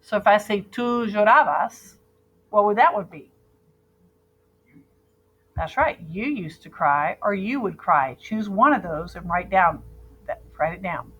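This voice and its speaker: A woman leads a classroom grammar lesson at an unhurried, steady pace. She drills verb endings call-and-repeat style, patient and clear. Her pitch sits in a plain middle range for a woman. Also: lo-fi sound. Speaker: Spanish teacher.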